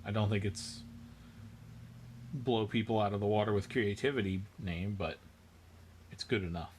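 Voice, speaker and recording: A man with a fairly low voice talks casually through his painting livestream. He thinks aloud as he works and answers viewers with dry, self-mocking jokes. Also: fairly even intonation, moderate pace, slight background noise. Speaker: miniature painting livestream host.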